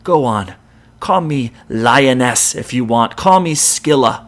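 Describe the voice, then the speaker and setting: A man voicing Medea, a vengeful sorceress, speaking flat, cold and unapologetic. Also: medium pitch, takes it slowly. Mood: cold defiance.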